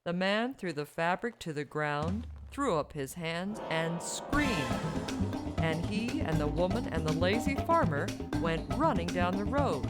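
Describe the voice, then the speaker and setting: Children's storyteller: expressive sing-song woman narrator over music. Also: sits low, a little slow. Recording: music bed behind.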